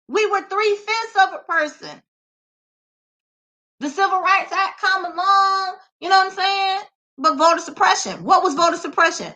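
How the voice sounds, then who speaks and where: A woman's voice: extremely high pitch, lively intonation, moderate pace, bright, forceful tone. A woman giving impassioned social commentary, talking straight to her audience with emphatic repetition and rhetorical questions. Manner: direct address to the audience.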